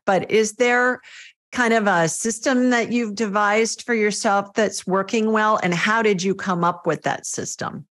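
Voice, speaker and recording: A woman's voice: medium pitch, a bit bright. A middle-aged woman hosting an interview, chatty and earnest as she talks about her own nightly habits. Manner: chatty and earnest, speaks personally. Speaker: podcast host. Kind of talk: conversational interview.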